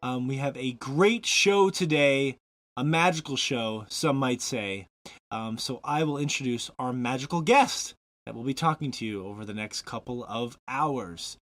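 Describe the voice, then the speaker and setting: A man's voice: mid-range voice, a little slow, fairly bright tone, no room sound. A man from Montana hosting a casual podcast, rambling and joking, laughing often between fillers. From Montana, USA. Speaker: podcast host.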